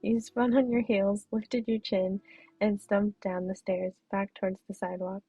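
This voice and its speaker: A woman streamer reads a story game's narration aloud at a steady pace, pausing to fix small slips. Her voice has a gravelly, husky edge. The sound is tinny and dry, like a phone-quality mic. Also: medium pitch, no room sound, faint music behind. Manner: steady reading with small self-corrections. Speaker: streamer playing a visual novel. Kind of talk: reading game narration aloud.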